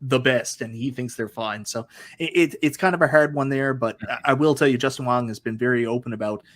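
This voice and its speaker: Measured man explaining on a podcast. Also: medium pitch, a bit bright. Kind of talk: casual podcast chat.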